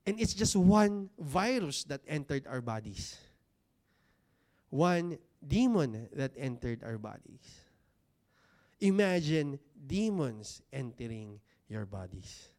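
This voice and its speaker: A man's voice: medium pitch, very animated, darkish tone. A man preaching a sermon to a congregation, talking conversationally, asking rhetorical questions and stretching out key words for emphasis. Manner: stresses key words with slow, drawn-out delivery. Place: church hall with congregation seated.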